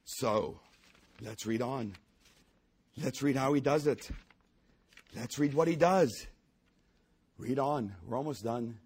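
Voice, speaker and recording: A man's voice: mid-range voice, takes it slowly, long pauses, a little mellow, breathy edge. A man preaching a sermon, emphatic and repetitive as he reads and retells a passage. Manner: emphatic, repetitive, with bursts of laughter.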